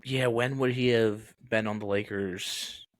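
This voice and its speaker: A man co-hosting a podcast, answering trivia in a casual chat with quick, jokey guesses and short agreements. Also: lowish voice, steady tone, no echo, clean studio sound.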